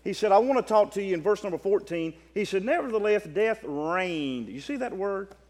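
A Southern American preacher delivers a sermon in a high voice, swinging between loud stretched-out proclamations and hushed rapid asides. His voice carries a long reverb, as though filling a large hall. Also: expressive. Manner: impassioned, swings from loud drawn-out declarations to quiet fast asides.

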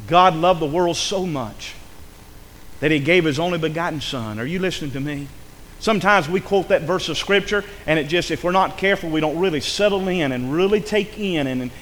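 A man's voice: a little high, moderate pace, fairly bright tone, a little hiss or hum. A male pastor preaching a fervent sermon in a church, swelling into impassioned calls to the congregation. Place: church sanctuary. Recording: reverberant church hall.

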